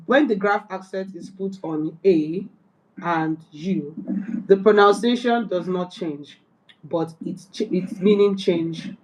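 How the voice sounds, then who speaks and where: A woman's voice: fairly low pitch, takes it slowly, darkish tone, lo-fi sound. A woman learning French as a beginner, reading out accent rules and carefully repeating words after her tutor. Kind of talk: beginner language lesson practice.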